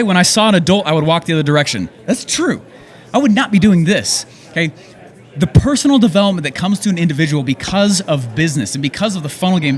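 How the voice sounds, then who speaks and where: High-voiced energetic young man pumping up a crowd. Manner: energetic, excitable, fast-talking with frequent "okay?" tags. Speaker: event speaker. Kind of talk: motivational talk to an audience. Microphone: handheld microphone.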